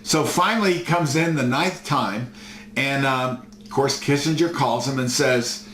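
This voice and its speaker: A man's voice: medium pitch, a little slow, fairly bright tone. A male professor giving a recorded course lecture, folksy and full of fillers as he tells stories. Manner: folksy storytelling with many fillers. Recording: echoey room, faint noise.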